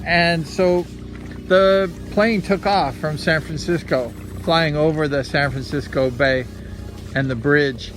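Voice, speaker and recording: A man's voice: on the high side, slow pace, over music. Rambling man telling a personal story. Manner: rambling, heavy on "like" fillers. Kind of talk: casual first-person storytelling.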